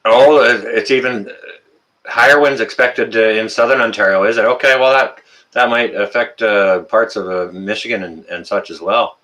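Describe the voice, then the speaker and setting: Chatty Canadian man, bright tone. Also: on the low side, steady tone, normal speed, rough recording. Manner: chatty, rambling, many uh fillers. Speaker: live stream host. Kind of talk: casual live stream chat reading comments.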